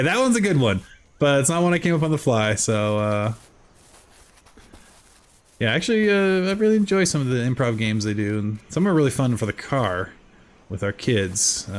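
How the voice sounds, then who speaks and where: A man in his thirties from South Jersey, with its accent, chatting casually while streaming a farming game and answering his chat in a rambling way. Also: slight background noise. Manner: chatty, rambling, lively with sudden high jumps. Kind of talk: casual gameplay chat with chat readers.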